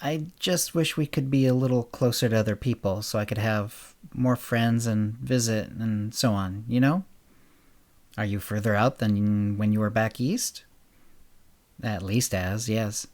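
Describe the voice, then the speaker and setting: A lower-voiced man hosts and reads a short story aloud. He raises his pitch and energy for the two schoolgirls' lines, then sinks to a soft, quiet telling for the narration. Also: unhurried. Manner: lifts his voice for the girls' dialogue, drops low and quiet on narration. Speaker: podcast host and narrator. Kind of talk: scripted story narration with character dialogue.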